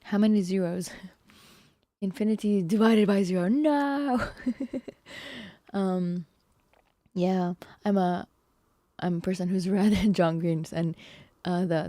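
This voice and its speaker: A woman livestreamer talks casually over a math lesson, her low voice creaky and mellow. She thinks aloud with fillers and small laughs, close and dry on the mic. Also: no room sound. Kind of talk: casual chat reacting to a video.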